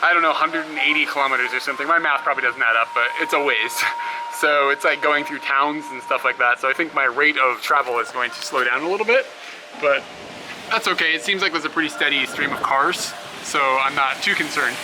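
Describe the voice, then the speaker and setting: A young man with a fairly high voice talks briskly to his camera outdoors, vlogging his travels by roads and rest stops. His talk is rambling and casual, full of fillers and laughter, with traffic clearly heard on the camera audio.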